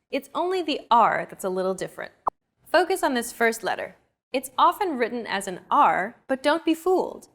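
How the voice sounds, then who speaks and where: A woman's voice: on the high side, a bit bright. Woman hosting a language lesson. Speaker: lesson host. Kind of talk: scripted narration.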